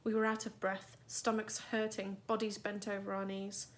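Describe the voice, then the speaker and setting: A woman teacher reading a novel aloud in a steady, even narration. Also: mid-range voice, normal speed.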